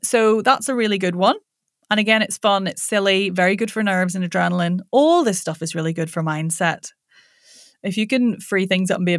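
Playful woman coaching vocal warm-ups. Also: on the low side, no room sound, clean studio sound. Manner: playful, laughing often, coaching tone. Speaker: voice coach guest.

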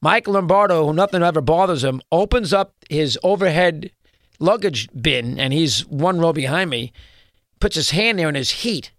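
A male talk show host telling a story in a rambling, excitable way, full of restarts. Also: on the high side, moderate pace, dry recording, studio quality. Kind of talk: storytelling monologue.

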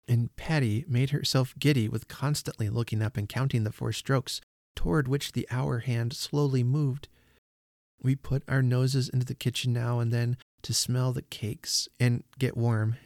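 A man, host of a podcast, reading an old story aloud in a calm, measured way. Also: medium pitch, dry recording, studio quality. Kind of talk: storybook narration.

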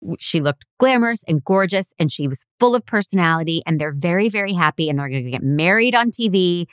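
Woman cohost on a podcast, kinda low voice, chatty storyteller, dry close sound. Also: animated, clean tone, dry recording. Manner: chatty storytelling, quick asides. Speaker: podcast co-host. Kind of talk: casual chat.

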